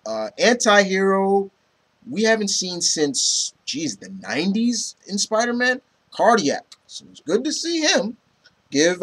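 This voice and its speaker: In a high, slightly rough voice, a man casually reviews comic books, rambling with plenty of "you know" and "um." He retells scenes from the issues and quotes the characters.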